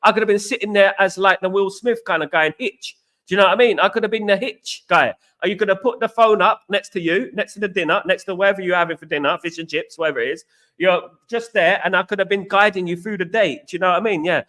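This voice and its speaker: A man's voice: sits high, fast, bright, forceful tone. A man hosting a casual live stream, chatting and greeting viewers by name as he reads their comments. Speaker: livestream host.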